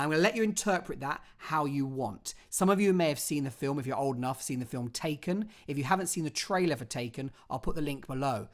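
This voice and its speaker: Expressive drama teacher. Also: mid-range voice. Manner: expressive, theatrical delivery; clear step-by-step instructions. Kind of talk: online drama lesson.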